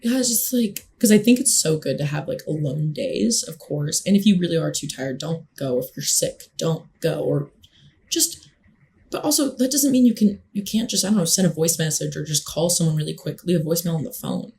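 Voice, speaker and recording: A woman's voice: deep voice, expressive, fairly quick, darkish tone, slight background noise. A young woman in a casual monologue, talking passionately and emphatically, with lots of swearing.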